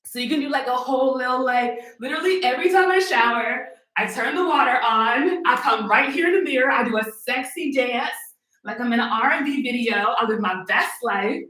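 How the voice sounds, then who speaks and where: This YouTuber, a woman in her twenties, has a high, brisk voice with a sharp tone. She casually tours her modern open-plan apartment for live-stream viewers, playful and talking straight to them. A camera mic captures her moving through rooms that echo.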